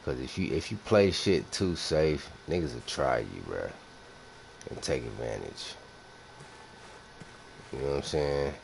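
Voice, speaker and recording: A man's voice: extremely low pitch, expressive, unhurried, gravelly, pauses often, a little mellow, a little hiss or hum. A man in his thirties giving profane, teasing live commentary while playing a game for his stream chat. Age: 30s. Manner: profane, teasing, trash-talking. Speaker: gaming streamer. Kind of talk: casual gameplay commentary to chat.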